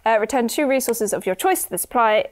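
A woman's voice: on the high side, lively intonation, fast. A woman chatting and joking on a live board game stream, reading out chat messages in a teasing, giggly way.

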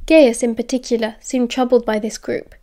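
A young British woman reading an audiobook in a steady, measured narration. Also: on the high side.

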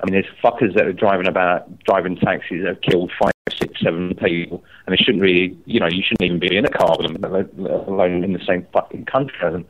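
A man's voice: low voice, quick pace, few pauses. A man from Scotland, angrily telling a story and swearing heavily while he chats. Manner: angry, swearing, animated storytelling. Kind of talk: heated casual chat. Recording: tinny phone line.

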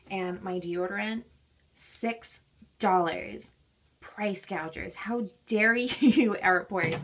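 A woman talking casually to camera in a travel vlog, chatty and full of "like" and "um". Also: medium pitch. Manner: chatty, filler-heavy with frequent "like" and "um". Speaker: vlogger. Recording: handheld vlog with noisy background ambience.

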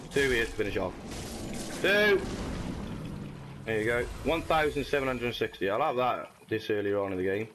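A man commenting on his own gameplay, swearing and shouting in frustration at enemies. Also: fairly low pitch, fast, few pauses, background noise. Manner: sweary, frustrated outbursts at the game. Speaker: gamer. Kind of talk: let's play commentary.

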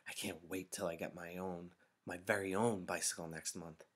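A merry little girl chatters eagerly in a storybook reading, as a man with a deep voice reads her lines. She sounds cheerful and keen. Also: level tone, normal speed, a bit bright, breathy edge.

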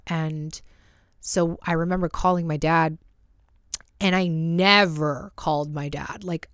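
A young woman hosts a podcast, speaking in a deep, gravelly voice as she shares a personal story candidly and emotionally, swearing freely. The recording is dry, with clean studio sound.

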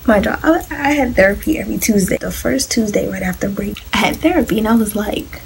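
A young woman vlogger chatting casually through a personal story, animated and addressing viewers directly. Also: medium pitch, quick pace, creaky, hardly any pauses, a little hiss or hum, poor audio.

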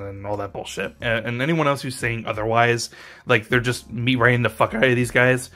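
Young male commentator, mid-pitched voice, ranting and rambling, lots of swearing and fillers. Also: fairly even intonation, brisk, bright, forceful tone. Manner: frustrated, profane, rambling with fillers. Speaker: YouTube commentator.

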